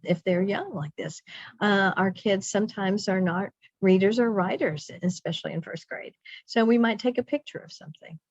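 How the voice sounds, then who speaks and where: A woman's voice: mid-range voice, no room sound, muffled recording. A middle-aged woman leading a recorded teacher training session, chatty and self-interrupting, laughing at herself.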